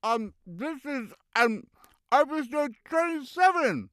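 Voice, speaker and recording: A man voicing a slow, apologetic, dim-witted male sidekick in a comic podcast skit. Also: very high-pitched, expressive, bright, forceful tone, clear, resonant tone, no echo, studio quality, voice pushed up, full character voice. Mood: hesitant. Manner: halting, apologetic.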